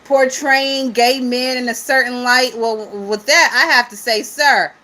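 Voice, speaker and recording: A woman's voice: high voice, fairly even intonation, a little slow, bright, forceful tone. A woman hosting a gossip livestream, talking casually and profanely with lots of laughter and mocking asides while reading viewer comments.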